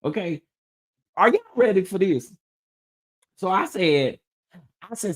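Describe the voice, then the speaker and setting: A man's voice: high voice, takes it slowly. A man hosting a casual gossip chat, telling stories to his viewers with lots of laughing and exclaiming. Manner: animated storytelling, laughing and exclaiming. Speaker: host of a gossip chat show.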